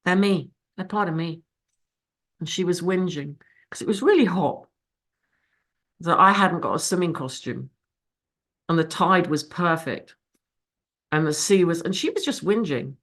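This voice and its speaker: A woman's voice: on the low side, a little slow, long pauses, a bit bright. A middle-aged woman giving a candid, emotional recovery share over a video call, swearing freely. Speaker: speaker at a recovery fellowship meeting.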